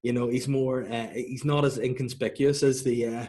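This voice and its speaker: A man's voice: medium pitch, flat delivery, moderate pace, warm tone. A man trades jokes on a comedy podcast. He talks in a casual, rambling way and laughs a lot. Now and then he slips into silly put-on voices. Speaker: podcast co-host.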